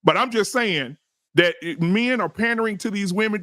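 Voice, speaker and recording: A man's voice: high-pitched, expressive, normal speed, a bit bright, no echo. A man hosting a podcast, talking in a preachy, profane and emphatic way in heated panel talk. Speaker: podcast host. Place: live-stream podcast studio.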